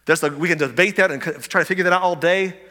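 A man preaching a sermon in a church, eager and excitable, often restarting his words and asking the listeners rhetorical questions. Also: sits high, fast talker. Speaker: pastor. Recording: long hall reverb.

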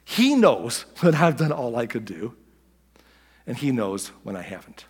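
A man's voice: medium pitch, sing-song, measured pace, darkish tone, breathy edge. Conversational male pastor in a reverberant hall. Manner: conversational preaching with many asides and restarts. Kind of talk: sermon.

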